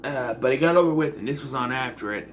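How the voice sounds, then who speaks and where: A man giving a casual, rambling spoken movie review, often clearing his throat. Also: mid-range voice, fast, a little hiss or hum.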